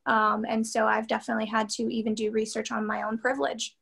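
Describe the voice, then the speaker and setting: An earnest woman in her thirties recounts her path as an interview guest, her voice sitting a little higher than most. She talks in a candid, animated flow, full of "like" and "you know". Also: fast, creaky, slightly rough. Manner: earnest and animated, many fillers. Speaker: interview guest, PhD student and therapist.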